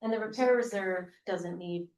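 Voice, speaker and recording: A woman's voice: medium pitch, normal speed, a little mellow. A woman on a school board asking brief, polite clarifying questions at a public meeting. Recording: echoey meeting room.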